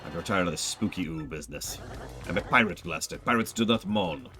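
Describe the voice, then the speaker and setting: A man voicing a boastful, menacing skeletal ghost pirate captain from a video game, with theatrical booming threats. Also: brisk, bright, forceful tone, soft background music.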